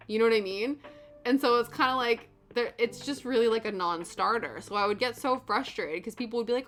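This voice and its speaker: A woman's voice: on the high side, fairly quick. A woman streamer chatting casually while she cross stitches and reads her chat, rambling with lots of fillers and acted-out quotes. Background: soft background music.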